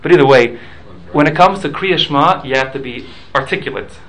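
A man's voice: on the high side, brisk, a bit bright, low-quality recording. A man teaching a Talmud class, explaining rules with examples and often repeating and restarting his words.

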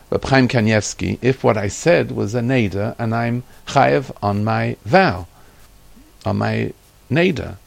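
Gravelly-voiced man telling a lively anecdote. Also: on the low side. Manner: acts out quoted dialogue, lively retelling. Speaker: storyteller. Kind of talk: animated anecdote with Yiddish and Hebrew terms.

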